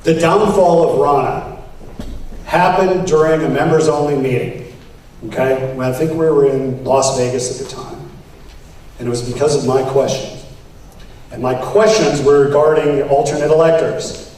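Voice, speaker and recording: A man's voice: a little high, steady tone, normal speed, darkish tone, a little hiss or hum. Man speaking in a very echoey hall. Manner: storytelling, emphatic, quotes others with raised voice. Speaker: political candidate. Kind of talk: campaign speech to delegates. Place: convention hall. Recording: very echoey hall, mic at a distance.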